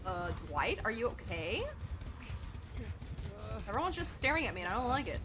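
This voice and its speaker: A woman streamer giving excitable, laughing commentary on her gameplay as she talks to the teammates on screen. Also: on the high side, moderate pace, noisy background.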